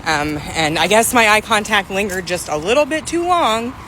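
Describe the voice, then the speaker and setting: A woman's voice: mid-range voice, lively intonation, normal speed, fairly bright tone, slight background noise, poor audio. A woman telling a wry personal story in a social media video.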